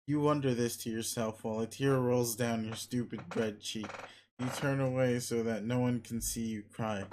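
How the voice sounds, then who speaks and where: A man's voice: mid-range voice, a little mellow. A man reading a webcomic aloud as narrator, in a dry, mocking manner. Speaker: webcomic reader.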